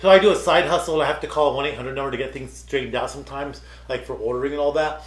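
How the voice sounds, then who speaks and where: A man's voice: medium pitch, very fast. A man co-hosting a casual podcast, telling rambling stories full of "like" and "dude". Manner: rambling storyteller, lots of "like" and "dude". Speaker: podcast co-host. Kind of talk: casual chat. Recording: roomy echo.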